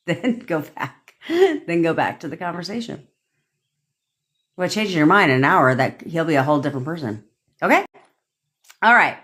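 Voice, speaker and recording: A woman's voice: sits low, lively intonation, moderate pace, pauses often, a bit bright. A young woman coaching on a livestream, talking bluntly with lots of swearing and frequent laughter. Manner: blunt, profane, laughing often. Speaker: manifestation coach. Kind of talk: livestream rant.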